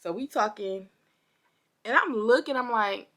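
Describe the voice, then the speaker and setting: Bright-voiced woman vlogger, a bit parched. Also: on the high side, a little slow. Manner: animated, chatty, talks straight to viewers. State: parched, a bit under the weather. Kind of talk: casual storytime vlog.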